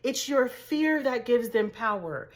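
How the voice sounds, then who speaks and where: A woman's voice: fairly high pitch, animated, measured pace. A woman life coach giving a casual, emphatic motivational talk to her viewers, repeating key points. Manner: casual slangy speech.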